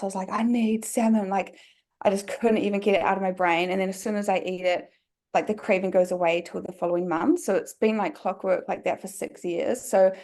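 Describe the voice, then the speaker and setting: This podcast guest is a young woman from New Zealand, her mid-range voice a little mellow and her accent distinctly Kiwi. She's chatty and relaxed, packing her speech with "like".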